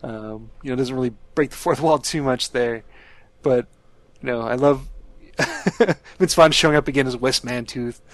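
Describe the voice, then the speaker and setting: A man's voice: medium pitch, moderate pace, no echo. A man chatting casually as a podcast co-host, rambling, laughing often and swearing freely. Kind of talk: casual chat.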